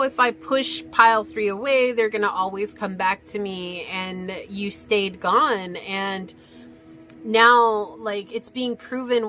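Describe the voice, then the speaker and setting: A woman giving a casual pick-a-card tarot reading, rambling and animated with many fillers and restarts. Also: medium pitch. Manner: rambling, animated, lots of fillers and self-corrections. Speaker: tarot reader.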